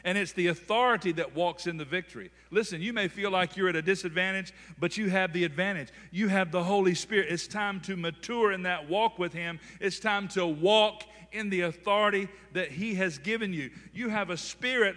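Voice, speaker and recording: Male pastor, high bright voice, church hall reverb. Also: normal speed. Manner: preaching with call-and-response. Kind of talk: sermon.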